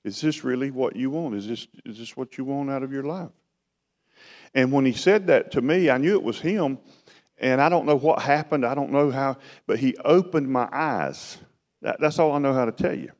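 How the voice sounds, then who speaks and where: A man delivers a sermon in a folksy, conversational manner, often swelling louder and higher. His pitch moves a great deal from phrase to phrase. The sound carries the long reverb of a large hall. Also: lively intonation, normal speed. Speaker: preacher.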